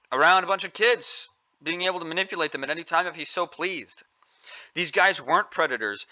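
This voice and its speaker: Male commentator, indignant and emphatic, higher-pitched voice, opinionated vlog delivery. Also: bright, forceful tone, lo-fi sound. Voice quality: emphatic, indignant, repeats phrases for stress. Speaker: commentary vlogger.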